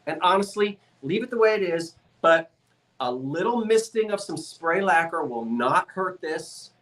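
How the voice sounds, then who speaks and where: A woman's voice: lowish voice, animated, unhurried. A chatty woman with a light South Jersey accent runs a live online antiques sale. Her talk is folksy and easygoing, and she laughs readily while she sells. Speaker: antiques auction host. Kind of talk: live-stream auction patter.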